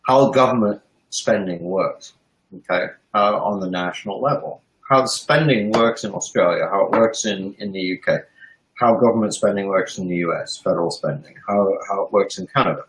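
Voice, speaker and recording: A man's voice: lowish voice, moderate pace, slight background noise. A man talking economics in a heated, sarcastic way, often laughing as he makes his points. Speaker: guest economics commentator. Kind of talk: heated casual chat. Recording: roomy echo.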